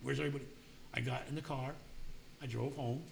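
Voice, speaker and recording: An older man recounts his own recovery at a meeting in plain, casual language, acting out the voices of people in the story. His mid-range voice is creaky and brisk with a steady tone, over a slight hiss or hum.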